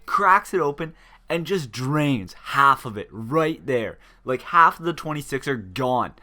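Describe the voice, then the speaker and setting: A young man telling a story in a casual, animated way, swearing and quoting his friends. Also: mid-range voice, a little slow. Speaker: vlogger.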